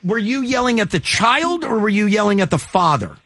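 A male radio host chatting with callers in a joking, animated way, often pausing to find his words. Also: high voice, gravelly, no room sound. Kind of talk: call-in radio chat.

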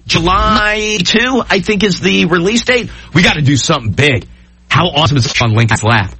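A man hosting a morning radio show, chatting excitably and rambling with many restarts. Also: sits high, normal speed, slightly rough, no room sound. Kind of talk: casual on-air banter. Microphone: studio mic.

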